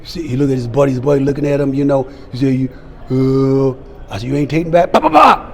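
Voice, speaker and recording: At a fan convention, an older celebrity guest recounts stories in rapid-fire fashion during an interview, acting out what each character said. He speaks emphatically in a warm, medium-pitched voice whose intonation stays fairly even.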